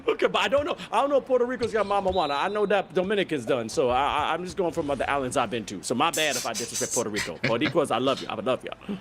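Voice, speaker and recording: A man in his thirties co-hosting a live esports broadcast, playful and teasing with hype shout-outs. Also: fairly high pitch, expressive, rapid-fire, a little hiss or hum. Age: 30s. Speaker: esports co-host. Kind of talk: live sports commentary banter.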